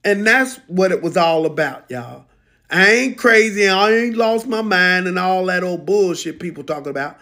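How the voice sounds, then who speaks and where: A proud, defiant pro football star, played by a man, unloads a profane, indignant rant. His voice sits high for a man, and he hits each point hard. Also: expressive, normal speed, pushed and bright, full character voice. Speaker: social media rant. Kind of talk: comedic impression monologue.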